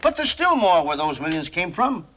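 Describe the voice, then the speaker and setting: A man's voice: high voice, very animated, moderate pace, pushed and bright, heavily acted. An actor playing a flustered, stammering man making a speech, in 1940s film comedy acting on a dull, faintly noisy old film soundtrack. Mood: orating. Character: bumbling nervous American man giving a speech. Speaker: speech-giving pupil.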